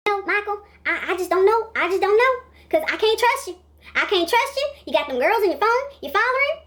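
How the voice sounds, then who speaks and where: A woman's voice: very high-pitched, lively intonation, brisk, fairly bright tone, voice pushed up. A woman voicing a distrustful woman who whines and keeps repeating herself as she pleads to be loved. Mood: hurt, pleading.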